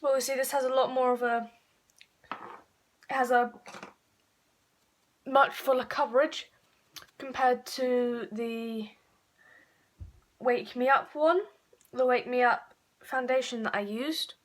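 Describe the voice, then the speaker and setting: A woman, chatting casually through a makeup tutorial with frequent fillers and quick self-corrections. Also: sits high, steady tone. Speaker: beauty vlogger.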